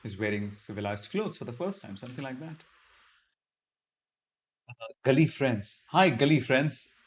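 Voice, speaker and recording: A man's voice: mid-range voice, lively intonation, moderate pace. Chatty man hosting a live Q&A. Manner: chatty, reads out viewer comments and answers them; self-deprecating humor. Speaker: YouTube live stream host. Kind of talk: casual live Q&A chat.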